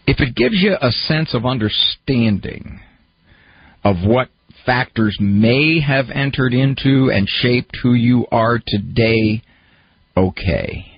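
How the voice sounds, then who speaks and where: A man speaking on psychology and self-help gives a conversational lecture, working through everyday examples and posing questions to the listener. His mid-range voice is gravelly with a breathy edge, in a muffled recording without echo.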